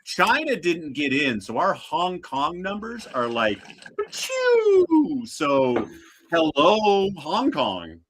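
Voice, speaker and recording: A man's voice: on the high side, big pitch swings, slow, a bit bright, slight background noise. A man co-hosting a casual live watch-along chat, laid-back, laughing easily and swearing casually. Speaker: podcast co-host.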